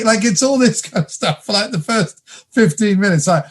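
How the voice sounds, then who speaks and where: A man with a fairly high voice, talking fast and getting animated as he picks a film apart. He swears freely and laughs through his rant, in a casual podcast chat. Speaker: podcast co-host.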